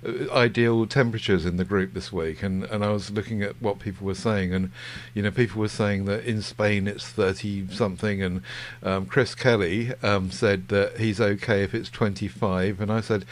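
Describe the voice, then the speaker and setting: A man with a lowish voice, co-hosting a relaxed podcast. He rambles along with frequent ums and false starts. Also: normal speed. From Wales. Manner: rambling, hesitant, many ums. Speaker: podcast co-host. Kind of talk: casual chat.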